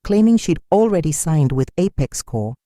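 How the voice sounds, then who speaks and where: A narrator reading a dramatic story in a steady, scripted storytelling style. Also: medium pitch, normal speed, no echo, studio quality.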